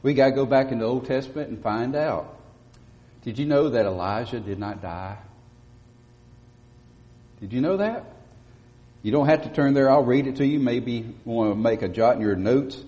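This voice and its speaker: A man preaching a sermon as pastor, speaking emphatically and rising to loud stresses on key words. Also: mid-range voice, animated, moderate pace, pauses often. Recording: dull lo-fi audio with long church reverb.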